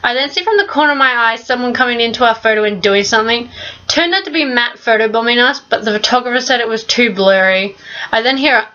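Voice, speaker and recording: Gushing young woman, bright lo-fi voice-over. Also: a little high, fast. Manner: gushing, excited fan storytelling with casual swearing. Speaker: vlogger. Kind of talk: voice-over narration of a vlog.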